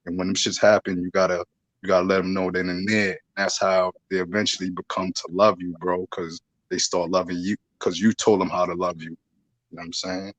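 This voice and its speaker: A man with a fairly low voice talks through his views on relationships in a loose podcast chat. He preaches his point and keeps checking in with "you know what I'm saying". The sound is dry and close. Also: little pitch movement, brisk, no room sound, poor audio.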